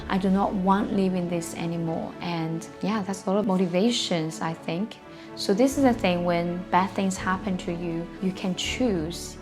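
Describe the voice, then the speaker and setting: Woman CEO, emotional personal testimony, halting non-native English, faint music bed. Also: lowish voice. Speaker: company CEO. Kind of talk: personal storytelling.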